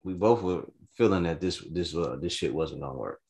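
A man telling a personal story in casual chat, animated and swearing freely, jumping into high voices for quotes. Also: moderate pace.

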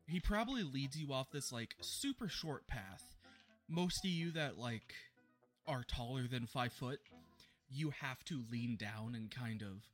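Narrating as game master in a tabletop game, a man speaks in a mid-range voice, a little slowly, animated and laughing often. Soft music plays in the background.

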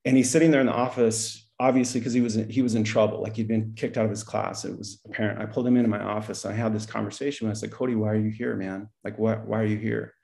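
A middle-aged man tells a story in a conversation, with a dark, mellow tone and a rough, gravelly edge. He acts out the dialogue as he goes and laughs often. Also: on the low side, level tone, quick pace, few pauses. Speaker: podcast guest, school principal.

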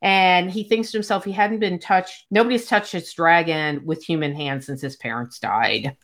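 A woman's voice: fairly low pitch, moderate pace, fairly bright tone. A woman in casual chat, retelling a romance novel and acting out the characters' lines as she goes. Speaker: book discussion co-host.

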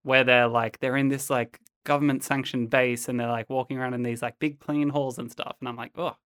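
Giggly guy on a podcast, bright sharp voice, casual chat. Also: medium pitch, flat delivery, brisk, clean tone. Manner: giggly, upbeat, laughs often. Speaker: podcast co-host.

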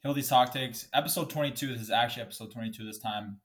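A heated podcast host going off in a profane solo rant, recorded in his bedroom. His voice sits at an ordinary pitch for a man and carries a slight sniffle. He keeps pushing harder as he vents. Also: fast talker, a bit bright. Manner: angry, profane, swears often.

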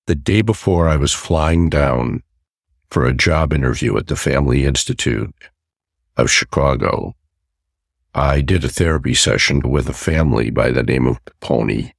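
Older male therapist guest, deep gravelly voice, reflective storyteller. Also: moderate pace, dry recording, studio quality. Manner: reflective, acts out quoted voices in his stories. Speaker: interview guest, family therapist. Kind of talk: storytelling in a podcast interview.

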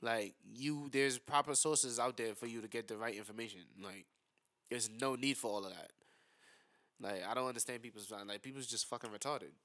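A man co-hosting a casual podcast, blunt and heated, stumbling over restarts and fillers. His voice is bright and sharp. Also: medium pitch, brisk. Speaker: podcast co-host. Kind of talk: casual chat.

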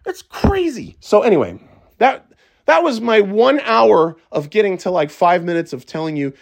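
Excitable, cursing middle-aged man. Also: sits high, normal speed, vocal fry. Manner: excitable, swears freely, trips over restarts. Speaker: podcast host. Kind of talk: casual monologue.

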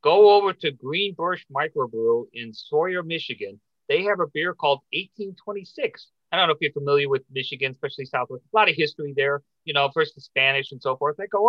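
Middle aged guy, podcast guest, jokey and chatty, slightly high voice, muffled lo-fi audio. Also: expressive, a little fast, few pauses. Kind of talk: casual interview chat.

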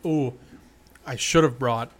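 A man's voice: medium pitch, takes it slowly. A man co-hosting a casual podcast, joking and chatting while tasting food. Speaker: podcast co-host.

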